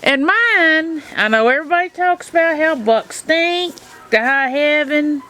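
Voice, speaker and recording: A woman's voice: high voice, expressive, unhurried, bright, forceful tone. A woman chatting casually in a video diary about her goats, talking fondly to the animals around her. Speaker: goat keeper. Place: outdoor farm pen with goats.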